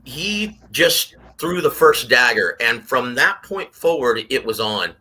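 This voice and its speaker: A man giving his take on a boxing panel, telling stories and acting out quotes in a lively way. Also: mid-range voice, takes it slowly, breathy edge. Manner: animated storyteller, acts out quotes. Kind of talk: casual panel commentary.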